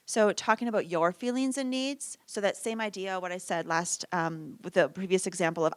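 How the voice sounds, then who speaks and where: A woman's voice: mid-range voice, normal speed, dry recording. Conversational woman giving a parenting workshop. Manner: conversational, frequent "right?" tag questions; acts out quoted parent and child lines. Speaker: workshop presenter.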